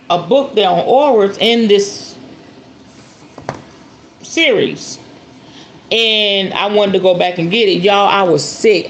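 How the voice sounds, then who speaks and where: A woman hosting her spiritual channel, chatting to viewers while she unboxes a purchase. She is animated and playful and often calls her viewers "y'all" and "honey.". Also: on the low side, gravelly, slight background noise. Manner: excitable storyteller, acts out shop talk.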